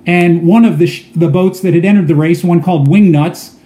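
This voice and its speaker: A man's voice: high voice, brisk, mellow. A man preaching a sermon, telling a story earnestly and often repeating words as he goes. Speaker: pastor. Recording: echoey room.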